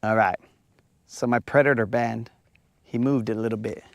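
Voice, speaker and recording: A man's voice: medium pitch, steady tone, moderate pace, no room sound. A man hosting a fishing livestream from a lake, bantering with his chat in a playful, teasing, slangy way.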